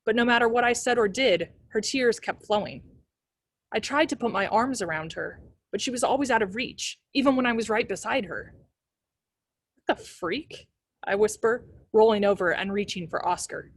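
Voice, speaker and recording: Lady librarian reading a spooky book out loud, expressive, dry close mic. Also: on the high side, brisk, no room sound. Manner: expressive first-person storytelling. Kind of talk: reading a novel aloud.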